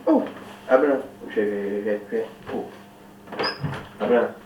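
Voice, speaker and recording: A man acting in a comedy skit, talking in halting, stammering bursts. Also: on the low side. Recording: roomy, distant, dull, faint background noise.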